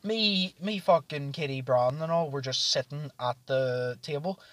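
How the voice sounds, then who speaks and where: A man's voice: on the high side, a little slow, a bit bright. A young man, hosting a podcast and rambling through sweary, laugh-filled stories about nights out with friends. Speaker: podcast host. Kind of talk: casual storytelling chat.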